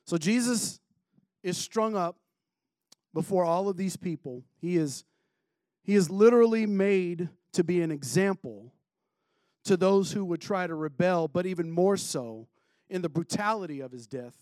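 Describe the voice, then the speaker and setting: High-voiced man preaching casually. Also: expressive, measured pace, a little mellow, dry recording, studio quality. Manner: conversational, self-interrupting, laughs between points. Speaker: pastor or Bible teacher. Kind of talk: casual sermon reading and commenting on scripture.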